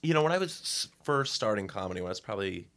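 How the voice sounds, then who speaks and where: A man's voice: fairly low pitch, expressive, racing, a bit bright. A young man, a comedian guest, talking in a reflective, wry and hesitant way. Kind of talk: casual podcast chat.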